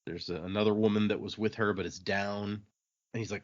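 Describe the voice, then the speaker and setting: Rambling podcast host recapping a book. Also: male voice, lowish voice, steady tone, brisk, highs cut off. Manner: rambling, with fillers and laughs, acting out quotes.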